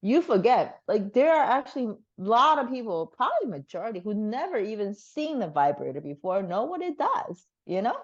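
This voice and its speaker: A woman's voice: medium pitch, big pitch swings, fairly quick, few pauses, lo-fi sound. A woman telling a funny story in casual chat, swearing freely and laughing as she goes. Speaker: guest.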